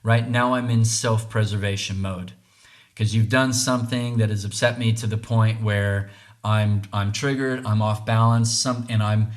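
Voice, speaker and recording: A man's voice: fairly low pitch, fairly even intonation, a little slow. Earnest man musing aloud. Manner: earnest, restarts phrases, often adds "right?". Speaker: podcast host. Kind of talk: reflective monologue on relationships.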